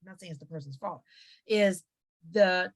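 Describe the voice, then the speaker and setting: A woman psychologist talking as an interview guest, giving lively conversational advice and acting out little family dialogues. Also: fairly low pitch, unhurried. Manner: animated, acts out family dialogues with quoted voices.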